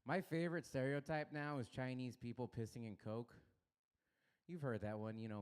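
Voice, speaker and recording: A man's voice: mid-range voice, expressive, normal speed, clean tone. A young man doing a rambling, self-deprecating stand-up set in a small comedy club. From Los Angeles area.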